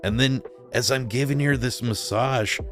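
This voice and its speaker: A man's voice: medium pitch, moderate pace, music in the background. A man telling a long, crude personal story in casual chat, rambling with lots of fillers and acting out the quoted lines in a raised voice.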